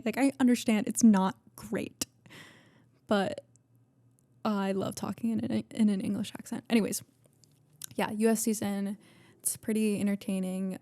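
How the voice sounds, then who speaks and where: A woman's voice: medium pitch, dark tone, no room sound, clean studio sound. A young woman hosting a podcast in casual chat, gushing and chatty with lots of fillers and swearing. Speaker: podcast host.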